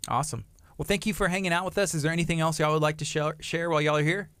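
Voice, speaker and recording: A man's voice: on the high side, steady tone, rapid-fire, fairly bright tone, dry recording. A man hosting a morning radio show, chatting casually and easygoing with guests in the studio. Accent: Texan. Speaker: radio host.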